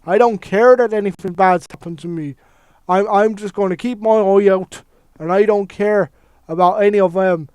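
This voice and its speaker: A man voicing a weary, indifferent woman wrestler with a weak, half-hearted Irish accent and a flat delivery. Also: sits high, normal speed, smooth, dry recording, lightly acted.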